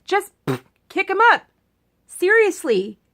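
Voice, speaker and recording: A woman's voice: very high voice, sing-song, takes it slowly, a bit bright. A woman ranting casually in a political vlog, chatty and sarcastic, rambling with many restarts. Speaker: political vlogger.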